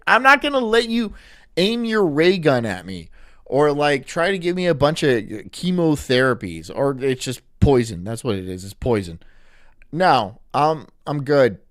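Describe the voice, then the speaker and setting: Sarcastic, lively-voiced streamer man. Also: medium pitch, unhurried, no room sound, clean studio sound. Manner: sarcastic, rambling, laughs often. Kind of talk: casual reaction stream chat.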